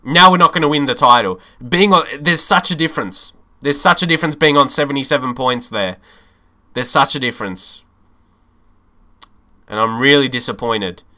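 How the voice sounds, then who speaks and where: Animated, frustrated young man streaming a game. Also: medium pitch, normal speed. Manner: animated, swings from hopeful to frustrated, swears. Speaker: streamer playing a football management game. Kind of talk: live gameplay commentary.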